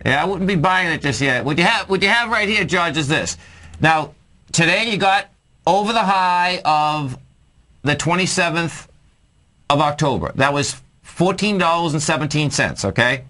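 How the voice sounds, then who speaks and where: A man's voice: fairly high pitch, expressive, sharp tone. A man co-hosting a market show, taking callers and talking through charts in an upbeat, chummy way. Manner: upbeat, chummy, quick chatter. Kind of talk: casual chart talk taking calls.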